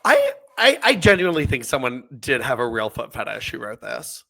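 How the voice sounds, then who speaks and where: A young man co-hosting a podcast in casual chat, animated, laughing often and acting out quotes. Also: medium pitch, normal speed, creaky. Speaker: podcast co-host.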